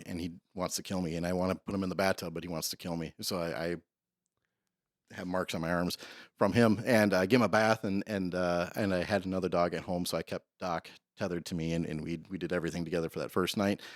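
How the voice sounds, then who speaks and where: A man's voice: low voice, steady tone, a little fast, dry recording, clean studio sound. A man, a police dog trainer and guest, telling rambling stories in a casual interview. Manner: rambling, self-interrupting storyteller.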